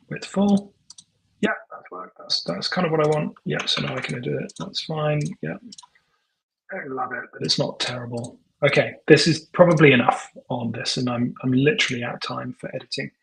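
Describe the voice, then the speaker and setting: A man thinking aloud while he live-codes, muttering and halting, full of ums and self-corrections, now and then dictating prompts to the computer. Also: medium pitch, vocal fry, a bit bright, slight background noise, low-quality recording. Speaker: tech founder live coding.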